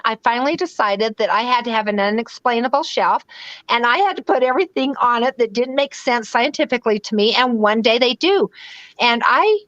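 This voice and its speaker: A woman's voice: a little high, fairly quick, fairly bright tone, no echo, highs cut off. A woman from the western United States, a guest in a casual interview, talking animatedly, acting out her own inner voice and laughing easily. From western United States (Utah, Idaho).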